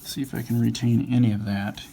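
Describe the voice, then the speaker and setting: A gravelly-voiced man talks through his drawing as he works, half to himself. He mumbles and corrects himself along the way like a relaxed drawing teacher. A faint hiss sits under his voice. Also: mid-range voice, brisk. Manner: mumbling, self-correcting as he draws. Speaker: drawing instructor. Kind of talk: thinking aloud while sketching. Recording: faint background noise.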